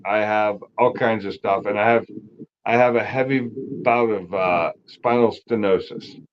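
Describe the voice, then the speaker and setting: A man's voice: fairly low pitch, measured pace. Blunt cussing guy chatting on a livestream, dull lo-fi sound, bit of hiss. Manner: blunt, frequent swearing. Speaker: guest on a car livestream. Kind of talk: casual chat.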